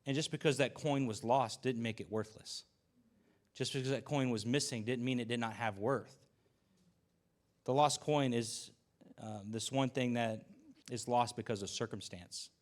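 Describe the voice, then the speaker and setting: A man preaching a sermon in a loose, chatty way, with his voice at an everyday middle pitch. He drifts into stories and asides and leans on fillers, and the talk sounds unscripted and easygoing. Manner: relaxed storytelling with fillers and asides. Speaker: pastor. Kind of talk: conversational sermon.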